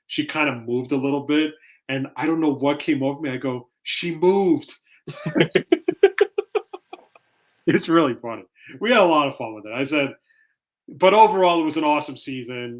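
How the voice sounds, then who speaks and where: A man chats on a casual podcast. He tells stories in an animated way and acts out what people said. His voice sits at an ordinary middle pitch. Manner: animated storytelling, acts out quoted lines. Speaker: podcast co-host. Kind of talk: casual chat.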